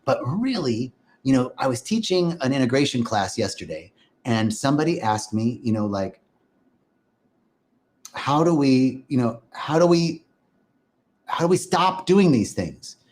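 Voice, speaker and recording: A middle-aged man teaching on a live stream, greeting viewers by name and speaking in a gentle, sing-song way. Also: mid-range voice, animated, a little slow, long pauses. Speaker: livestream host and spiritual teacher.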